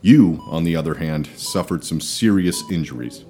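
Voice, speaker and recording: A man acting in a comedy sketch, with a dry, exasperated deadpan delivery. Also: extremely low pitch, normal speed, soft background music. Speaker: comedy podcast host.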